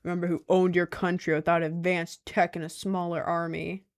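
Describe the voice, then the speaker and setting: A woman's voice: lowish voice, level tone, moderate pace. A young woman streaming and reading her chat, giggly and rambling, full of slang and self-conscious asides. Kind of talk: casual live-stream chat.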